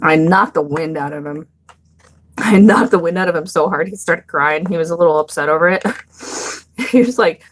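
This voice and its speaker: A woman's voice: on the low side, normal speed. A young woman hosting a casual live stream, chatting bluntly with viewers, swearing freely and laughing often.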